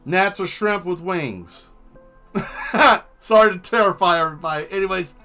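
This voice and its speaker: Bright-voiced man rambling jokingly on a livestream. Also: high voice, unhurried, faint music behind. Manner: rambling, joking, answers the chat. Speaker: livestream host and painter. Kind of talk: casual livestream chat with viewers.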